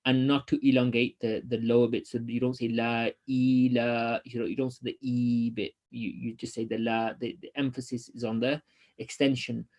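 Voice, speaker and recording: A man leads an online lesson where he reads religious passages at speed and then gives loose, halting explanations peppered with ums. His medium-pitched voice barely moves in pitch and sounds a little mellow.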